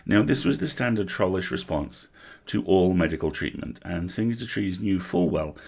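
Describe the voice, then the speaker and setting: Low gravelly male storyteller. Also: moderate pace. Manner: vivid, animated narration. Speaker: storyteller on a livestream. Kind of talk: expressive book reading.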